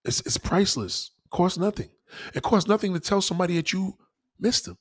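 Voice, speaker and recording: A man on his own channel, giving casual advice in an animated, preachy way, swearing freely. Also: high-pitched, fairly quick, husky. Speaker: YouTuber.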